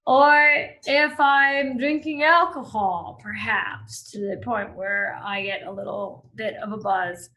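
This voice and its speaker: A woman's voice: fairly high pitch, steady tone, slow, few pauses, pushed and bright, low-quality recording. A woman from Maine with a faint Maine accent, a chatty storyteller telling her story as a podcast guest, often laughing. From Maine, USA. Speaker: interview guest. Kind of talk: casual conversation.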